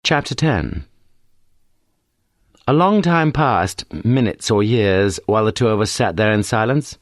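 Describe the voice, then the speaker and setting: A man reads a detective novel aloud in a measured, expressive way, his pitch moving a lot. The recording is dry and close. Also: no echo. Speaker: audiobook narrator. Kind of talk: scripted narration.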